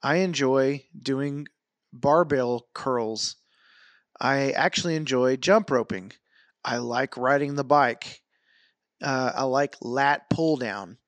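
Speaking slowly with a medium-pitched voice and no room sound, a man chats casually on a fitness vlog about his training. His long story wanders, animated and filled with fillers and restarts.

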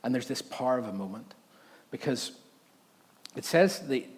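A man's voice: medium pitch, lively intonation, moderate pace. A man preaching a sermon in church, telling stories animatedly and laughing often. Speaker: pastor. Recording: long hall reverb, faint background noise.

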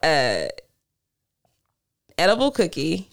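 Young adult woman co-host, blunt, animated, swears freely. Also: sits low, takes it slowly, creaky. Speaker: podcast co-host. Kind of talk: casual chat.

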